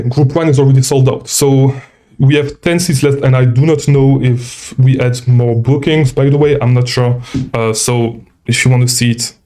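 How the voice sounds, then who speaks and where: A man's voice: medium pitch, dark tone. Breathless man on a live Q&A. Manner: rambling, repeats okay, reads viewer questions. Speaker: livestream host and seller coach. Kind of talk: casual live Q&A. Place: traveling, indoors.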